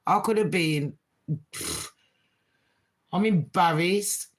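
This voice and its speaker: A woman's voice: lowish voice, slow pace. Woman, middle-aged, chatty, rambling, slangy, casual live chat. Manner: slangy street talk. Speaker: livestream host.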